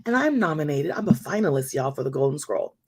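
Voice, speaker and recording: A woman's voice: low voice, sing-song, fast, darkish tone, husky. A woman in her fifties hosting a faith talk, telling a story to her listeners with emphatic repetition and calling them y'all. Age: 50s. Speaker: host.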